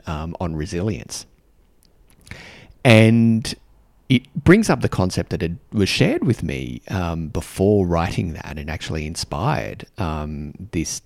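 A man's voice: on the low side, creaky, a little mellow, no echo. A man hosting a podcast, telling a self-deprecating story in a casual, reflective monologue. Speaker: podcast host.

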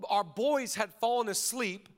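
A male pastor in his thirties preaching, moving from hushed prayer to lively, jokey storytelling. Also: high-pitched, a little slow. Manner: lively, jokey storytelling with exaggerated quoted voices.

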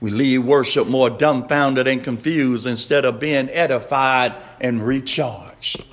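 A man preaching a sermon, slow and emphatic, repeating his refrains and rising to shouts. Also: mid-range voice, steady tone.

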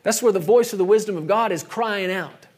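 Man, sermon, conversational preaching, high voice, quiet emphatic drops. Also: fairly quick. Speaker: pastor.

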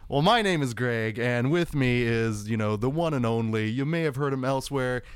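A man's voice: mid-range voice, moderate pace, clean tone, no echo. A man co-hosting a casual horror podcast, talking loosely with lots of fillers and "you know". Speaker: podcast co-host.

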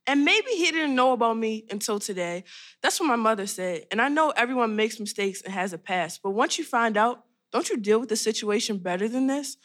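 A woman's voice: fairly high pitch, lively intonation, fairly quick, a bit bright. A woman voicing a blunt twelve-year-old girl who is looking for her father in an audio drama. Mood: indignant. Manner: blunt, questioning.

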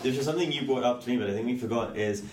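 A man co-hosting a podcast in casual chat, speaking in a measured, thoughtful way and raising questions. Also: medium pitch, a little hiss or hum. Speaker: podcast co-host.

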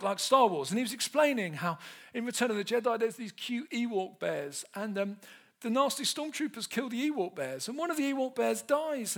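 A man's voice: sits high, fairly bright tone. A man in his thirties preaching a humorous sermon, telling stories with self-mocking humour.

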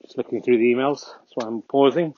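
A man's voice: mid-range voice, fairly quick, highs cut off, a little hiss or hum. A man hosting a podcast, rambling dryly and mocking himself while walking his dog outdoors. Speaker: podcast host. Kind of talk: casual walking monologue.

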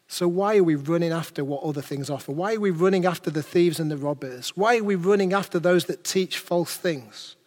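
A man's voice: fairly high pitch, long reverb tail. A man preaching a sermon as pastor, earnest and building his points through rhetorical questions.

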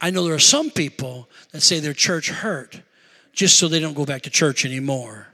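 A man's voice: on the high side, normal speed, bright, forceful tone, big-room sound. A middle-aged man preaching a sermon as pastor, emphatic, with call-and-response asides to the congregation.

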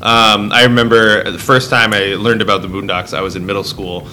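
A man's voice: lowish voice, brisk, slight background noise, poor audio. A man co-hosting a podcast in casual chat, telling stories with lots of acted-out quotes. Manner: animated storyteller, acts out quotes in voices. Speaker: podcast co-host.

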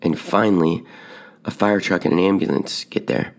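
A man casually telling a personal story on a podcast, building suspense with hushed moments. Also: deep voice, normal speed. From Tucson, Arizona. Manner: animated, drops to hushed whispers at dramatic moments. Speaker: podcast host telling stories.

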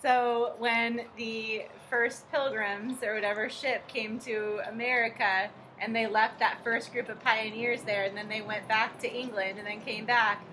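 Bright, enthusiastic woman telling a story. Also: on the high side, steady tone, unhurried, few pauses, a little hiss or hum, rough recording. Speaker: podcast guest. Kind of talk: casual storytelling.

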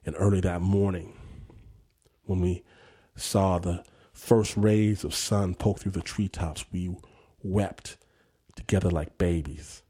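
A man's voice: deep voice, steady tone, slow, pauses often, warm tone, husky. A man hosting a radio story show and telling a vivid, dramatic personal story. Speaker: host and storyteller.

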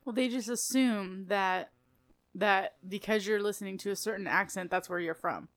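A woman's voice: medium pitch, normal speed. Chatty woman podcast co-host. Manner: chatty, heavy use of "like", laughs easily. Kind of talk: casual podcast chat.

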